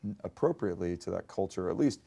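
Male CEO, 50s, low and gravelly, animated storyteller in a business interview. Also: fast. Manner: animated storyteller, acts out quoted dialogue.

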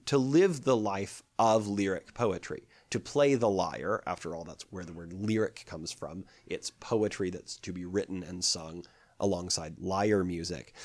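A man reciting a poem slowly, then explaining its verse in a relaxed lecturing voice. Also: deep voice, no echo. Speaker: lecturer on ancient poetry. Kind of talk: poetry reading and lecture.

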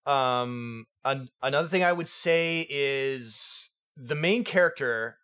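A man co-hosting a casual film review chat, animated and acting out characters' lines as he retells scenes. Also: mid-range voice, slow pace, clean tone. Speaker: podcast co-host.

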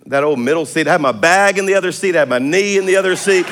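A male pastor preaching a sermon in a church auditorium, telling stories with laughs and big swings in loudness. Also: on the high side, a little fast.

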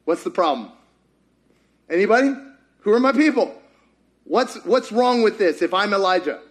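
A male pastor preaches with animated energy, tossing rhetorical questions out to the room. His voice sits high for a man and swings between loud bursts and softer asides. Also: normal speed. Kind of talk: sermon.

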